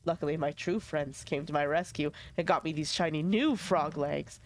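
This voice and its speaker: A woman voicing a vengeful male frog villain in a game, gloating and sneering in slow, shouted lines. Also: low-pitched, slight background noise, pitched below the performer's own voice. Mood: menacing gloat.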